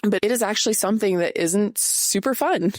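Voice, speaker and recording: A woman in her late thirties hosts a casual solo podcast, talking candidly and loosely with plenty of fillers. Her voice is medium in pitch, captured in a dry, studio-quality recording.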